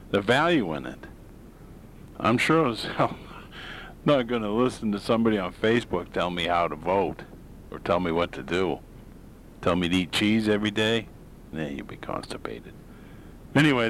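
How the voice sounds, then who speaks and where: A man with a very low, deep voice delivers a solo show monologue. He rambles and restarts, stacking "uh"s between blunt, sarcastic opinions. A faint low rumble sits behind him. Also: poor audio. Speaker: podcast host. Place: home in Maine.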